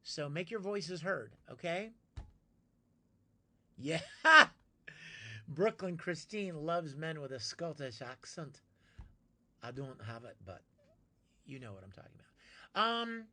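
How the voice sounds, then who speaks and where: Bright-voiced man chatting on a live stream. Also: a little high. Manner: chatty, greets viewers by name, plugs his projects. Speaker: live streamer reading chat. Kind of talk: casual live-stream chat.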